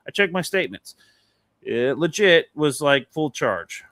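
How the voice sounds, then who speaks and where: This man's voice is a little high and moves at a moderate pace as he co-hosts a relaxed podcast. He's animated, swearing often while rambling through a lengthy story. The recording is dry.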